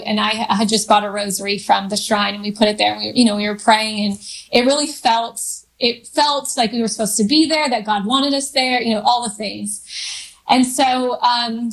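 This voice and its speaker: A woman guest recounts her personal story in a rambling, hesitant way, full of fillers and restarts. She speaks openly and with feeling. Her voice sits somewhat high for a woman. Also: a bit bright, low-quality recording. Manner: openly emotional, candid.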